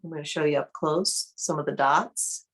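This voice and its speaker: A woman leading an online art workshop, calmly thinking aloud as she demonstrates each step. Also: sits low, slightly rough. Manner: calm, unhurried, thinks aloud while demonstrating. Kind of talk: online interactive workshop teaching.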